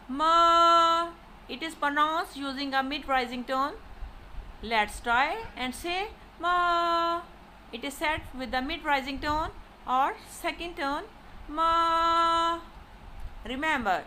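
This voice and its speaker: A woman teaching a language lesson, giving careful instructions and repeating drawn-out model syllables for the learner. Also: high-pitched, bright, forceful tone, a little hiss or hum, low-quality recording. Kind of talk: slow recorded lesson.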